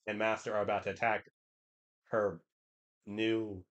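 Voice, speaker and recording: A man's voice: on the low side, flat delivery, measured pace, a bit bright, muffled recording. A man streaming, casually retelling a story in a rambling way, with many restarts and quoted lines.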